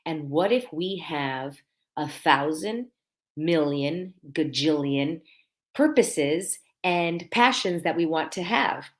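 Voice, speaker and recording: A middle-aged woman hosting a live podcast, talking in an animated way, repeating phrases for emphasis and laughing lightly now and then. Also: deep voice, takes it slowly. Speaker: podcast host.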